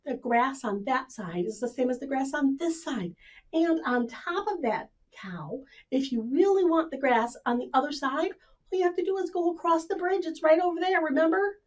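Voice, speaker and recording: A kindly old farmer fusses and gently scolds in a warm, fatherly way, as a woman puts him on for a children's storybook. His tone jumps up with exclamations of surprise. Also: sits high, animated, moderate pace, pitched above the performer's own voice. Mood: fond scolding.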